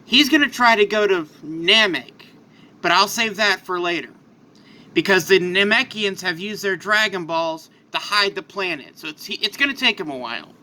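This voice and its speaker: A man casually improvising a fan story, in a rambling, animated way. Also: sits high, normal speed.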